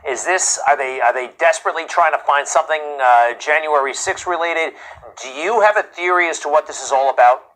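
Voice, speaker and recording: Brisk male news host, higher pitch. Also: fairly bright tone, rough recording. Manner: brisk, friendly questioning. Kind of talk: live TV news interview.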